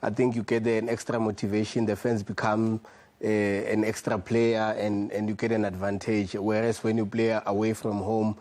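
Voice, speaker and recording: Halting lower-voiced football pundit. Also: male voice, little pitch movement, a little mellow. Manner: halting, repeats words, switches languages. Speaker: football pundit, former player. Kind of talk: studio panel discussion.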